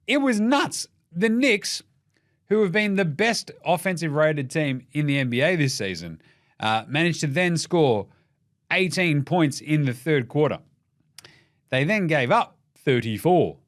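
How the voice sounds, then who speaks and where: A man from Australia hosting a casual sports podcast, rowdy and sweary, cracking jokes and slipping into silly voices. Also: a little high. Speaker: podcast host.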